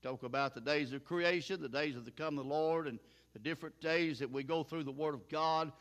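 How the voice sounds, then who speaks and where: A man's voice: fairly high pitch, brisk, fairly bright tone. An older man preaching a sermon in a folksy, plain-spoken way, chuckling now and then.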